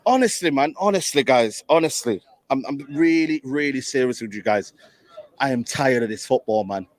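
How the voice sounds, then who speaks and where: A man, ranting in exasperation about his football team in a slangy, animated way. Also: medium pitch, normal speed, dry recording. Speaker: football fan ranting in a reaction clip. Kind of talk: heated fan rant.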